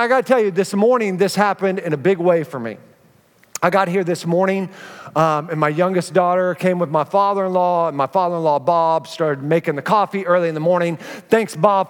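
A man preaching a sermon as pastor, telling stories with animated energy and acting out the voices of the people in them. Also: sits high. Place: church sanctuary. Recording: reverberant church sanctuary.

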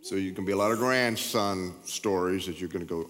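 A man's voice: low-pitched, a little fast, fairly bright tone. A middle-aged man preaching a sermon in a folksy way, often repeating and stumbling over his words, in a large church hall. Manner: folksy, repetitive, stammering. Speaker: pastor. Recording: long hall reverb.

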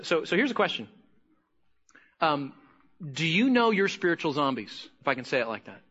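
A man preaching a sermon in a high, bright voice. He swings from quiet, conversational asides to loud, emphatic bursts. The recording sounds a little dull and lo-fi. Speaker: pastor.

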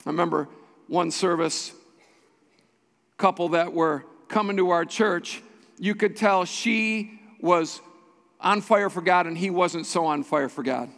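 A man with a high-pitched voice preaching a sermon in a church. He is a pastor who drives his points home by repeating short phrases with emphasis. His voice rings out with a long reverb off the hall. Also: unhurried, a bit bright. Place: church sanctuary.

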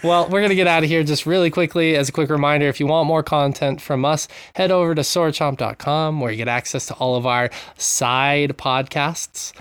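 A man's voice: a little high, steady tone, brisk, few pauses, a bit bright, clean tone, no echo. A man hosting a casual podcast, joking around and reading out supporter thanks with mock sincerity. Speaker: podcast host.

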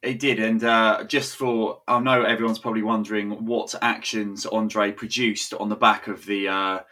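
A man's voice: lowish voice, flat delivery, normal speed, bright, forceful tone. A young man co-hosting a casual podcast chat, rambling and chuckling as he tells stories, with frequent restarts. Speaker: podcast co-host.

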